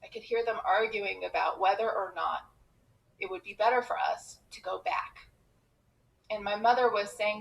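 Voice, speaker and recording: A comedian from Iran telling a personal story with expressive, quick comic timing. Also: female voice, medium pitch, vocal fry, poor audio.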